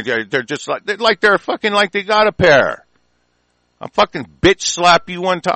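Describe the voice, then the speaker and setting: A man's voice: fairly high pitch, fairly bright tone, dry recording. A man from the United States delivering an angry political rant, profane and combative throughout.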